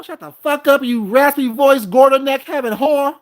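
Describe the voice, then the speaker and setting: A man's voice: very high voice, moderate pace. A man hosting his own vlog from home, delivering a heated, profane, confrontational rant of commentary aimed at his critics. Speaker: vlogger host.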